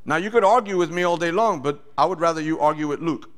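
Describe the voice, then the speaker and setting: Animated male pastor preaching. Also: on the high side, fast. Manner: animated, acts out voices with loud bursts. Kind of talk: sermon with testimony.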